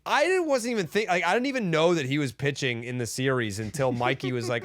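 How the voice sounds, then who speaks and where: A man's voice: fairly high pitch, lively intonation, fast talker, hardly any pauses, a bit bright, no room sound. A man co-hosting a sports podcast, ranting heatedly and swearing often. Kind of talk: casual sports talk.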